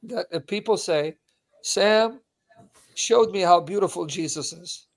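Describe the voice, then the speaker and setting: A man's voice: sits high, unhurried, creaky. A man preaching on a live stream, emphatic and repeating lines for stress, openly emotional. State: emotional, voice catching.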